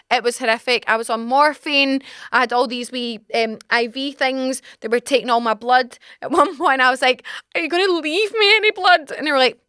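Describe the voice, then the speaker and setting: A young Scottish woman in her twenties, hosting a podcast and telling a personal story with animated, dramatic asides. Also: sits high, no echo, clean studio sound. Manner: animated, dramatic retelling with acted-out exclamations. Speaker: podcast host. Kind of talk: casual storytelling chat. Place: small home podcast studio.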